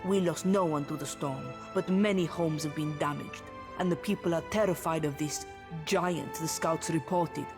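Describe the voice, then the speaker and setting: An actress voicing a tired, stern town watch commander who speaks in a curt, measured way. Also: female voice, low-pitched, over music, lightly acted. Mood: weary. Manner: curt, measured, weary authority.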